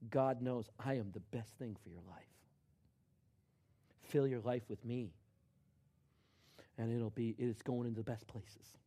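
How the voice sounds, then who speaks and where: A middle-aged man preaching a sermon, dropping to a hush and then rising to loud, emphatic shouts. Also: mid-range voice, steady tone, unhurried, long pauses. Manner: swings from hushed to shouting in acted quotes. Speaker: pastor.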